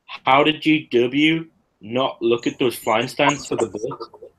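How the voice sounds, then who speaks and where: A man co-hosting a casual live chat about miniatures, blunt and quick to rant. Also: mid-range voice, fairly bright tone, a little hiss or hum, low-quality recording. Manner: ranting, blunt and sweary. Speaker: co-host.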